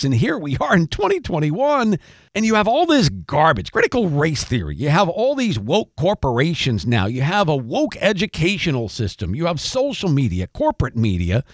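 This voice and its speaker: Older male talk host, high and lively, repeats lines for emphasis, dry close studio mic. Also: no echo. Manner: emphatic, repeats phrases for punch. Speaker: radio and podcast host. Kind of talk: opinionated monologue.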